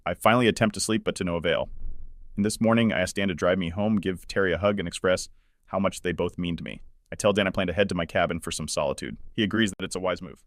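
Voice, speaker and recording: Male narrator, very low voice, dry close sound; steady scripted first-person storytelling. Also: fast, dry recording.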